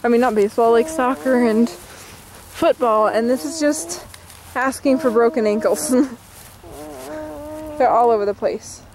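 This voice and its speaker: A woman's voice: high-pitched, slow pace, gravelly, pauses often. A young woman in her twenties chatting and giggling through a casual family vlog. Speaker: family vlogger and mother. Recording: noisy handheld camera audio.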